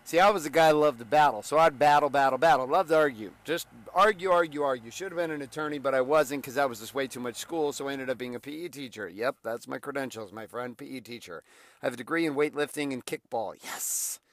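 A middle-aged man hosting a motivational podcast as a coach, talking casually with profanity and jokes, and now and then bursting into loud yells. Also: medium pitch, fast, no room sound. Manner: profane, joking, bursts into shouting.

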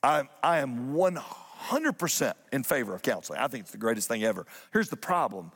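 A male pastor delivering a sermon in a church, driving points home with repeated refrains and shifting his pace between rushed and drawn-out. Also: mid-range voice, sing-song, vocal fry, a bit bright, long reverb tail. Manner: emphatic preaching with repeated refrains, speeding up and slowing down. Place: church sanctuary.

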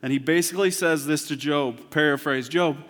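A man preaching a sermon as pastor, moving from hushed, intimate talk to loud, impassioned preaching. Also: a little high, a little fast, soft background music. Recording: long hall reverb.

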